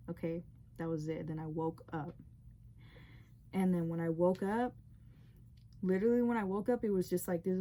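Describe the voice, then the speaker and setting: Young female vlogger with a low, mellow voice; earnest, rambling testimony full of fillers. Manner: rambling, heavy use of "like". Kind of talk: emotional personal storytelling.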